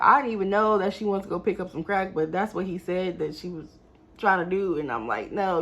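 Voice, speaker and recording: A woman's voice: a little high, fairly bright tone. Young woman telling a storytime vlog. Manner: exasperated, talks straight to viewers. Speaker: vlogger. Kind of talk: casual storytime.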